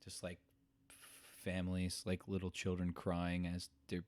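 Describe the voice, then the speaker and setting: A man hosting a podcast, rambling in a halting, emotional way as he comments on videos and chokes up. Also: low-pitched, completely flat delivery, dry recording. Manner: rambling, halting, with many fillers and restarts; emotional, choking up. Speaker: podcast host. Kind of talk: casual commentary reacting to video.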